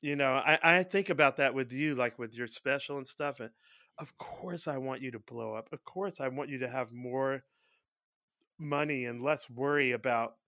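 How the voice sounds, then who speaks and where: An easygoing man co-hosting a podcast, chatting loosely. His voice has a bright, forward edge, and the sound is dry and close to the mic. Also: mid-range voice, moderate pace, no room sound. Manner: easygoing, laughs often. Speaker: podcast co-host. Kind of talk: casual chat.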